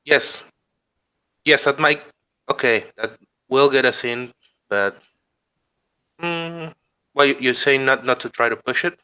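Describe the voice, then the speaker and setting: A man's voice: mid-range voice, slow, long pauses, pushed and bright, clear, resonant tone. A man playing a tabletop game, talking casually and hesitantly as he decides his moves. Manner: hesitant, many fillers while deciding. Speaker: player.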